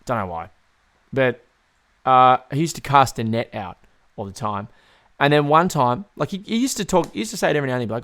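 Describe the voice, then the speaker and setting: A man's voice: medium pitch, animated, brisk, fairly bright tone. A man, hosting a podcast and telling a rambling story with loose swearing and many restarts. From Tasmania, Australia. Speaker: podcast host.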